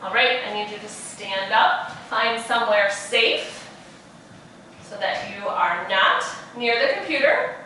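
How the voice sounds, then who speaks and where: A woman teaching preschoolers in a virtual class, speaking in a slow, sing-song, encouraging way. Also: mid-range voice, lively intonation, sharp tone, far from the mic, slight background noise. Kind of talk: virtual class for young children. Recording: echoey room, voice off-mic.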